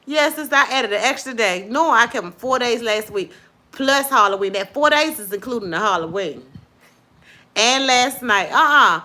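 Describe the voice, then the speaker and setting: A middle-aged woman hosting a casual live stream, lively and preachy, praising God between her chatter. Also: fairly high pitch, normal speed. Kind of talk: casual chat with viewers and callers.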